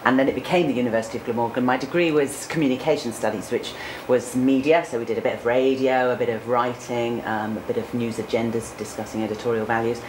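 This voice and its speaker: Speaking quickly and with few pauses, this woman has a bass voice and fairly even intonation. She's a forties news presenter from Cornwall giving frank, talkative interview answers peppered with fillers, and the room is echoey with clear background noise.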